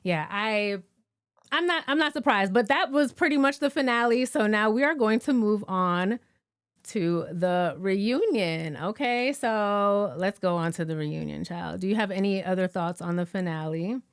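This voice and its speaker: A woman hosting a casual live recap chat, animated and playfully mimicking the people she talks about. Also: medium pitch, moderate pace, clear, resonant tone, no room sound, studio quality. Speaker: host.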